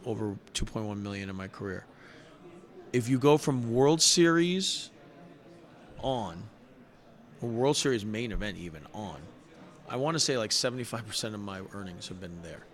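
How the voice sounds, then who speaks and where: A middle-aged man, a poker player guest on a show, telling personal stories in an earnest, heartfelt way with frequent restarts. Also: mid-range voice. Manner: heartfelt, earnest, animated retelling with many restarts. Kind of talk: conversational storytelling.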